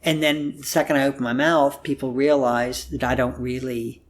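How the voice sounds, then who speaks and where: An American man in his sixties with a wry, drawn-out storytelling manner, chatting casually as an interview guest in an apartment. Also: mid-range voice, level tone, slight background noise. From United States. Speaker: guest, humor writer. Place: apartment room.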